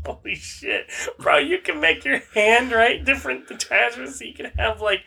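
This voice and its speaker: A man's voice: very high voice, very animated, slow, gravelly, pauses often, bright, forceful tone, breathy edge. A man in crude casual podcast chat, laughing easily, swearing and calling his friend bro. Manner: profane, laughing, says bro a lot. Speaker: podcast co-host.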